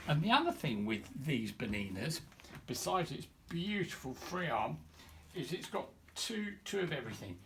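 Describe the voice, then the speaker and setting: A man's voice: on the high side, moderate pace, recorded from a distance. Older man, hobby vlogger, rambling storyteller, mic set back, faint hiss. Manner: rambling and animated, with whispered asides and laughing. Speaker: vintage sewing machine presenter. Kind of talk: casual storytelling and demonstration.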